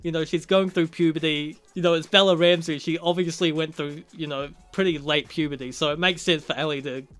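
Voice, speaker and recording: A man's voice: a little high, fairly even intonation, brisk, hardly any pauses, a bit bright. A man casually recapping and reviewing a TV episode, rambling and swearing freely, often chuckling.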